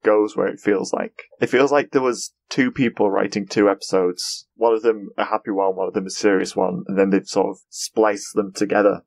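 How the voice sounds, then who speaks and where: A man hosting a casual podcast, chatty and quick to laugh as he talks through an episode. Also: lowish voice, steady tone, gravelly, a little mellow, no echo. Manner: chatty, laughs often, mimics characters in quick asides. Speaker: podcast host.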